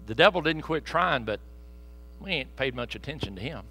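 A man preaching a sermon in a church, telling stories folksily and swinging from soft asides to loud, fervent peaks. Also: medium pitch, animated, moderate pace, no echo, low-quality recording. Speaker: pastor. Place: church sanctuary. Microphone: handheld microphone.

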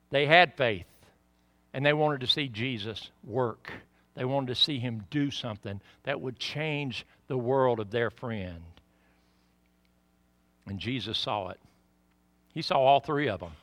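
Southern US man, pastor's sermon, bright ringing tone, dry close sound, swings from loud to quiet. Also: mid-range voice, measured pace, pauses often, no room sound. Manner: impassioned, rising to loud emphatic peaks then dropping to quiet asides. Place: church.

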